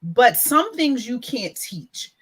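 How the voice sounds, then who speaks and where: A woman's voice: fairly high pitch, very animated, takes it slowly, fairly bright tone, breathy edge. A woman, a guest on a talk show, speaking as a proud parent and telling earnest stories about her son's gift. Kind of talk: casual interview chat.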